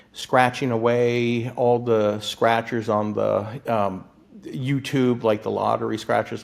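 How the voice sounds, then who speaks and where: Excitable man with a gravelly voice. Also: medium pitch. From Florida. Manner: excitable, stammering restarts, laughs often. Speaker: guest, physician and lottery winner. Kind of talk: casual interview storytelling.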